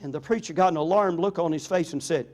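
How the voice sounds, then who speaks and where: An older man, a pastor preaching a sermon in an earnest storytelling way, slowing down to stress key points. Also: a little high, darkish tone. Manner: earnest storytelling, slows down for emphasis.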